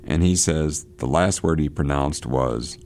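A man hosts a radio show about literature, his voice extremely low with a gravelly fry. He reads passages aloud and then talks them through haltingly, with plenty of fillers and restarts. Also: a little mellow, a little hiss or hum. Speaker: radio literature program host. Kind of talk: reading and discussing a novel on air.

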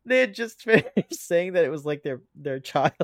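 A man's voice: on the high side, sing-song, moderate pace, no room sound, clean studio sound. Giggly man guesting on a podcast. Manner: giggly, keeps laughing while talking. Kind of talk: casual chat reviewing a cartoon episode.

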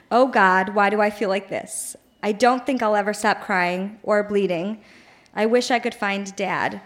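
A woman in her late twenties or thirties reading her old teenage journal entries aloud on stage in a dramatic, mock-whiny voice. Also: medium pitch. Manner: dramatic, mock-whiny teen voice, laughing audience. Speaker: live storyteller reading her teen diary. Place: live bar venue with audience.

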